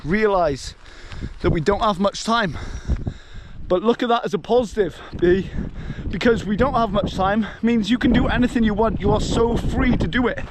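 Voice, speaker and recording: A young man with a fairly high voice gives an earnest pep talk, a little out of breath from the climb. He is filmed outdoors on a camera held as he walks. Soft hiss sits faintly under his words. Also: normal speed. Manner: earnest, motivational rant. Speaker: travel vlogger. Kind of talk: walking vlog monologue. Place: outdoors on a hillside walk in the rain.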